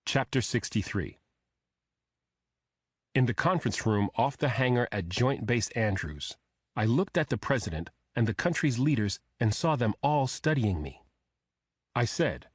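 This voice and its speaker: A man narrating a thriller audiobook in a steady, measured reading. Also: medium pitch, slightly rough, no room sound, studio quality.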